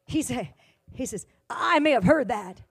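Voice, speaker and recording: A woman preaching a sermon in a commanding, emphatic style, her loudness rising and falling widely. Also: fairly high pitch, animated, measured pace, slightly rough.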